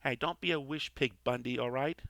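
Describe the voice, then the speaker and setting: A loud, brash fallen angel with a sneering, worn-out manner, as a man puts him on. He jumps between gruff griping and piercing high screams. The voice is bright and forceful, recorded close and dry. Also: a little fast, no echo, natural voice. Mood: sarcastic. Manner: screams in bursts, sarcastic. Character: brash washed-up male guardian angel, shouting comic.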